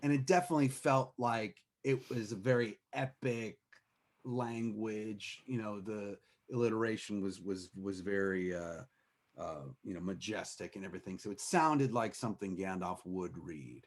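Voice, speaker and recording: Husky-voiced man hosting a music stream. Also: fairly low pitch, moderate pace. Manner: sings with a soaring voice, then talks with hesitant fillers and restarts. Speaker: host. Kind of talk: live-streamed music show, singing and chatting.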